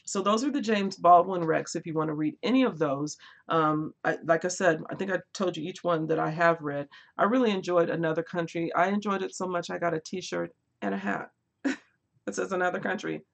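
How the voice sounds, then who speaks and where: Young woman, book live-stream host, lowish voice, laughs a lot, relaxed chat with viewers. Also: fairly quick, gravelly. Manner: laughs often, chatty and lively, reads out viewer comments.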